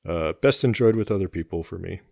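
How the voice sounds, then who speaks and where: Deep-voiced man, filler-heavy chat. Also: brisk, gravelly, a little mellow, no room sound, clean studio sound. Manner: filler-heavy, lots of "like" and "you know". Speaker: podcast co-host. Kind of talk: casual movie-review chat.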